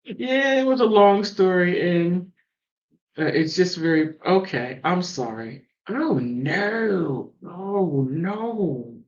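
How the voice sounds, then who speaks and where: A woman from the mountains hosting a call-in show and telling stories in a casual, animated way. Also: slow, muffled recording. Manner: animated storytelling with big pitch swings. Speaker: host. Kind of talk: casual chat.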